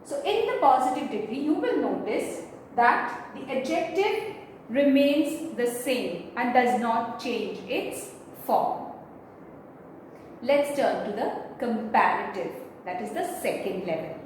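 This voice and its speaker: A woman's voice: fairly high pitch, animated, slow pace. A woman teaching a grammar lesson, explaining step by step and spelling out letters. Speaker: English teacher. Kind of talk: slow classroom grammar lesson. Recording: echoey room, mic far off, faint noise.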